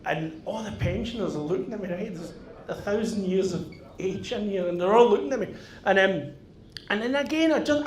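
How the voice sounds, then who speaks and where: A man's voice: high voice, fairly quick. A middle-aged man with a Northern Irish accent doing stand-up, telling a long story and tagging his lines with "right?". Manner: animated, swearing, tags lines with "right?". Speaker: stand-up comedian. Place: theatre stage. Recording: echoey live venue with audience.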